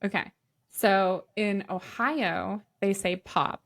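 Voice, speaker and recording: A woman co-hosting a podcast in casual chat, animated and chatty, laughing often. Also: mid-range voice, takes it slowly, gravelly. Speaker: podcast co-host.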